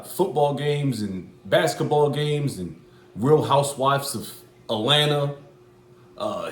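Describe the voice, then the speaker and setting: A man giving casual preaching commentary in a loose, repetitive, profane street manner. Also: mid-range voice. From United States. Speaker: religious commentator. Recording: echoey room.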